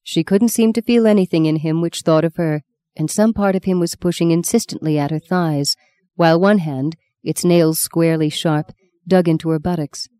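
Lady reading a novel aloud, steady and measured, warm dark tone, dry close mic. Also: on the low side, dry recording. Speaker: audiobook narrator. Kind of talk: scripted narration.

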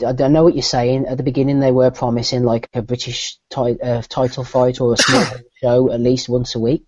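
Mellow-voiced man on dull lo-fi audio. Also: mid-range voice, dry recording. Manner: reads listener questions, laughs easily. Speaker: podcast host. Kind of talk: casual chat.

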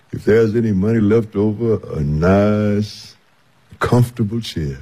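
An actor playing an easygoing older household servant who chuckles often and talks in a folksy way. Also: male voice, on the low side, slow, mellow.

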